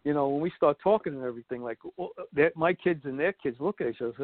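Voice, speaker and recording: A man's voice: fairly high pitch, rapid-fire, no echo. A middle-aged man with a Brooklyn accent, telling stories as a podcast guest and acting out the voices of the people in them. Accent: New York (Brooklyn). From Brooklyn, New York. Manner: animated storyteller, acts out quotes. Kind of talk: casual podcast chat. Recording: tinny phone-like line, dry.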